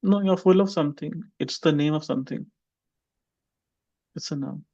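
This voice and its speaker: A man teaches an online English pronunciation class, calling on students by name and drilling them to repeat words. His voice is fairly high, creaky and dark, at a normal speed. The sound is lo-fi.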